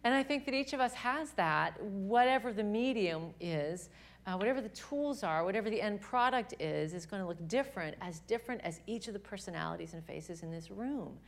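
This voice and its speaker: This young woman's voice is medium in pitch and moves fairly quickly as she delivers a heartfelt, lively faith talk at a women's event. She frequently starts her sentences over, and the audience is there live.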